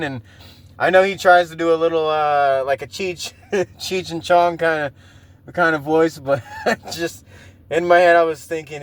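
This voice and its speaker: A man's voice: on the high side, steady tone, normal speed, smooth. A man hosting a casual solo podcast, rambling and swearing freely and laughing often. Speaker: podcast host.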